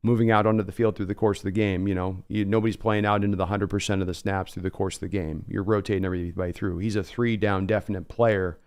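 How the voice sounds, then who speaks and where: A man's voice: sits low, steady tone, fast, few pauses, a little mellow, clean tone. A man hosting a live draft reaction stream, breaking down prospects analytically in a casual way and reading out viewer comments. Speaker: host.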